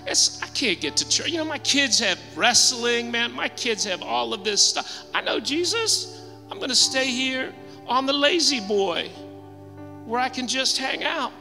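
A man's voice: very high-pitched, lively intonation, unhurried, creaky, bright, forceful tone, exaggerated voice. A man playing a comfortable churchgoing man who makes excuses, in a drawling, self-satisfied way. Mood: complacent. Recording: long hall reverb, faint music.

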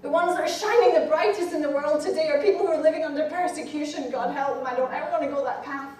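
A woman preaching a fervent sermon to a women's gathering, rising to shouts and dropping low. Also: fast talker. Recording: echoey hall from far off, faint noise.

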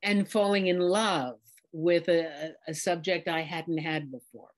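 A woman's voice: lowish voice, a little slow. A middle-aged woman from New York City, a dialect coach, talking casually and expressively in an interview. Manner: animated, expressive, talks in images and examples.

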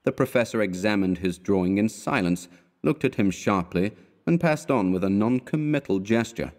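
A man with a fairly low voice narrates a classic short story for an audiobook. His delivery is measured and deliberate, keeping a steady storytelling pace throughout.

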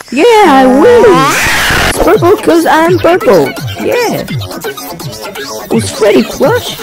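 High squeaky woman going whoa at everything, slow drawn out talk, loud music behind. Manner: gasping exclamations, delighted and excitable. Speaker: reaction video host. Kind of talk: reacting to video clips.

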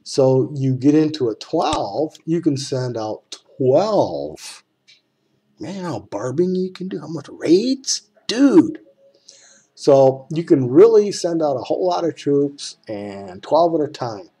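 A man's voice: a little high, sing-song, slow pace, dark tone, breathy edge. A man with a folksy, rambling way of talking, who speaks straight to the viewer as he walks through a computer game. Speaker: game tutorial maker. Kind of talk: casual screen-recorded game tutorial.

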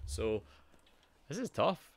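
A young man streaming a video game live, excitable, swearing often and chatting straight to his viewers. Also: medium pitch, takes it slowly, creaky. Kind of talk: live gameplay commentary with chat.

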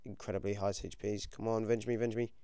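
Teen British male gamer, excitable and foul-mouthed, clean dry sound. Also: fairly low pitch, a little fast, creaky, smooth, dry recording. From United Kingdom. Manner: excitable, swears a lot, yelps when things go wrong. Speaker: gaming commentator. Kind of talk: casual game commentary.

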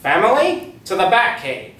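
A dim, boastful cartoon dad read by a man blurts out lines in a loud, goofy way. His voice is raised and bouncy, heard from a distance in an echoey room. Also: sits high, wildly swooping pitch, normal speed, full character voice. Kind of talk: script table read. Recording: roomy room, distant mic, faint hiss.

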